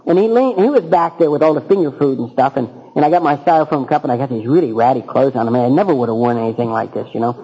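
A man's voice: medium pitch, fast talker, hardly any pauses, mellow, poor audio. A man telling his own recovery story at a meeting, in a wry, self-mocking, humorous storytelling manner. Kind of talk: humorous personal storytelling talk.

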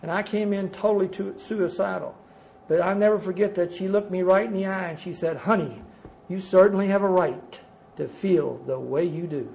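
Man, middle-aged, high voice, self-mocking recovery storyteller. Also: moderate pace, vocal fry, a little mellow, slight background noise, rough recording. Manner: folksy, self-mocking, addresses listeners as guys. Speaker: recovery speaker sharing his story. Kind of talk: storytelling talk to a recovery meeting.

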